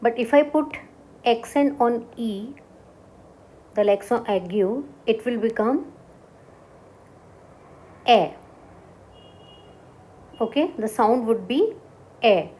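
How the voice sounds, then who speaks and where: A woman's voice: a little high, unhurried, dark tone. A woman teaching a beginner French class, explaining step by step and often checking that the students understood.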